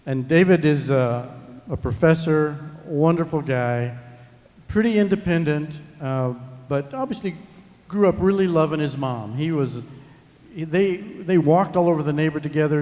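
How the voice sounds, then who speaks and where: Middle-aged man, fairly high voice, easygoing anecdote, reverberant hall. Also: moderate pace, a little mellow. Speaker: university president. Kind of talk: anecdote to an audience.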